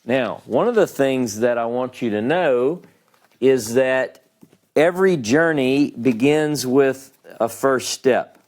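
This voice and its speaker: A Hebrew teacher with a medium-pitched, slightly mellow voice leads a beginners' class. He works through the material patiently, one step at a time at the board, and checks in with his students along the way.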